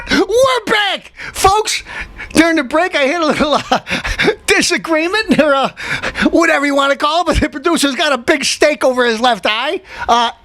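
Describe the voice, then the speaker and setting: A man hosting a show, delivering a comic rant that keeps repeating itself and jumps into high, excited outbursts. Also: a little fast. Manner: ranting, repetitive, swings into high excited outbursts. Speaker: show host.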